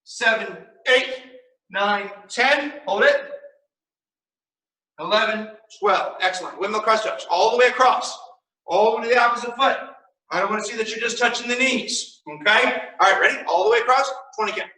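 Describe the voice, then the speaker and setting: A young man teaching a martial arts class online, firmly giving orders and counting warm-up drills aloud. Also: sits high, moderate pace. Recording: echoey room, mic far off.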